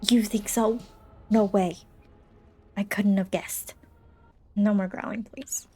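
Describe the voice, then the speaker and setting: A woman's voice: mid-range voice, steady tone, takes it slowly, darkish tone, slight background noise. A young adult woman casually commenting on her gameplay, playful and jokey, acting dramatically scared. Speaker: gaming streamer.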